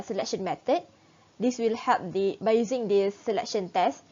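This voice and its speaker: Young woman reading a presentation. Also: medium pitch. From Malaysia. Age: young adult. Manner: steady, read-aloud delivery with small restarts. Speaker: student presenter. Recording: dull lo-fi recording.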